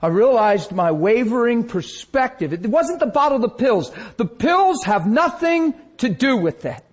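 Male preacher, high voice, animated sermon testimony. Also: measured pace, husky. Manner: animated storytelling, acting out his own crying.

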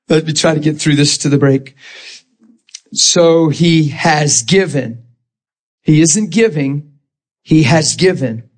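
A male preacher delivering a sermon in a slightly high voice. He is emotional and vivid, acting out scripture scenes as he goes and breaking into laughter now and then.

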